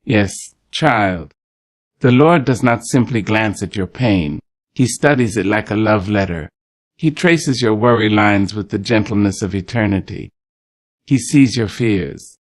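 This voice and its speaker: A man with a fairly low voice delivers a morning prayer reading in a poetic, preacher-like rhythm. He leans into slow, weighty pauses and speaks to the listener with fatherly tenderness. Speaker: devotional speaker.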